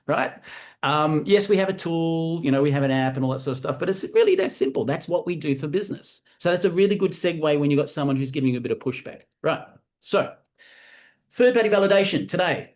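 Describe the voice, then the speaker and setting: A man in a slightly higher register delivers a lively motivational training talk to a live audience. He hammers home key phrases by repeating them and slips into quick acted dialogue. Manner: acts out sales-call dialogue. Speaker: network marketing trainer.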